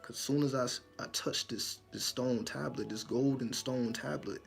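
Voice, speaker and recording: A man recounts a dream in a loose, animated monologue, cursing freely and jumping into his own frightened voice. His tone is gravelly and rough, with soft music running faintly behind him. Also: medium pitch, normal speed. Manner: animated, profane, acts out his own panicked lines. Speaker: spiritual storyteller. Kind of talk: casual dream storytelling monologue.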